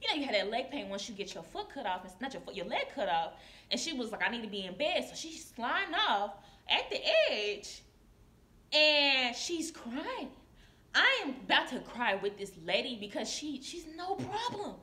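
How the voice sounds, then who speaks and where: A woman nurse telling a story to camera in casual confessional style, animated and acting out her coworkers. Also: high voice, normal speed. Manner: animated, acts out coworkers' voices. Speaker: licensed practical nurse. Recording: echoey room.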